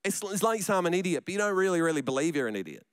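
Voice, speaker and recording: Man, pastor, chatty sermon, smooth resonant voice, dry close sound. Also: sits high, very animated, racing, dry recording. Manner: conversational preacher, joking asides, repeats words. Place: church.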